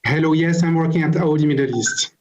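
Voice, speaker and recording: A man from France with a French accent, a guest on a video call interview, answering hesitantly with many filler pauses. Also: a little high, over a noisy crowd, poor audio. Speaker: guest, car company manager.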